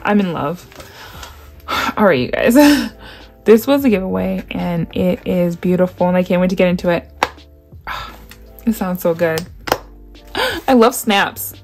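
A young woman vlogger chatting excitedly through an unboxing. She gasps often and keeps saying how much she loves each item. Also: lowish voice, unhurried, pauses often, soft background music. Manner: gushing, gasping, repeats "oh my gosh".

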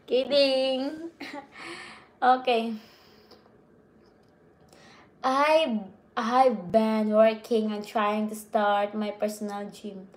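A woman's voice: on the high side, steady tone, drawn-out words, reverberant. A young woman with a Cebuano Filipino accent, chatting casually and playfully on a live stream while reading viewer comments. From Philippines. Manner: giggly, playful, mixes in local words.

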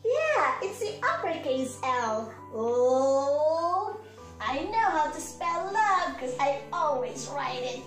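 A woman, a preschool teacher, giving a slow, sing-song morning lesson to small children. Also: high-pitched, very animated, reverberant, soft background music. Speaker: pre-K teacher.

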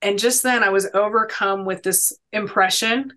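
A woman's voice: mid-range voice, fairly even intonation, moderate pace, sharp tone. A woman in her thirties, a podcast guest, telling stories in an earnest, emphatic, motivational way. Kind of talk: conversational storytelling.

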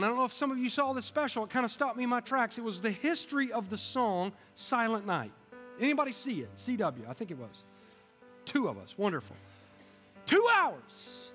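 Pastor, 50s, higher voice, chatty storytelling sermon, church hall reverb, faint music underneath. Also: male voice. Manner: conversational storytelling with quick asides to the congregation. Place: church sanctuary. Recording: live church sound with long reverb and soft music.

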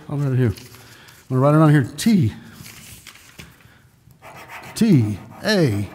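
A man's voice: medium pitch, darkish tone, in a large hall, slight background noise. A man from Dallas, Texas, performing magic tricks on a live stream, telling corny jokes in loose, rambling patter.

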